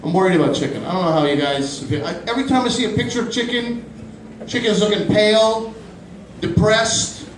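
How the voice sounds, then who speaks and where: A man in his thirties doing a stand-up comedy set in a small club, animated and quick to jump into high-pitched voices for his bits. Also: background noise. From Pakistani family, grew up in Canada. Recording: roomy club from a distant mic.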